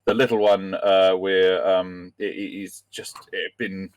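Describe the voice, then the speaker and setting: Brief: man playing a hesitant conman, low voice, plenty of ums. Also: flat delivery, clear, resonant tone, no room sound, low-quality recording. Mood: evasive. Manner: hesitant, halting, full of fillers. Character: smooth-talking male rogue named Bill.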